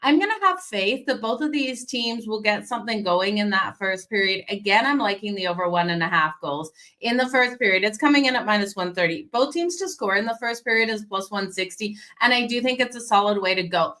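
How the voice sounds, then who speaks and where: A woman hosts a daily hockey betting show with a bright, forward voice that has a slight hoarse edge. She talks straight to viewers with an energetic, conversational delivery. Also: medium pitch, brisk, hardly any pauses. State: hoarse, losing her voice. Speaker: sports betting show host.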